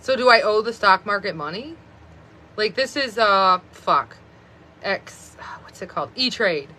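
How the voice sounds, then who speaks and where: A woman's voice: medium pitch, expressive, unhurried, bright, forceful tone. A woman around thirty rambling chattily on a phone live stream, with many fillers of "like". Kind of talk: casual live stream chat.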